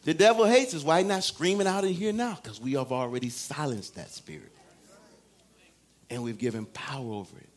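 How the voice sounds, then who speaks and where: A man preaching a sermon in a church, swinging from shouts to hushed tones and acting out quoted voices. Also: a little high, normal speed.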